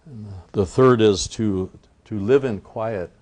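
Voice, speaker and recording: Warm, unhurried male storyteller. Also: lowish voice. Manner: unhurried, reflective, frequent "you know". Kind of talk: teaching talk with a traditional story.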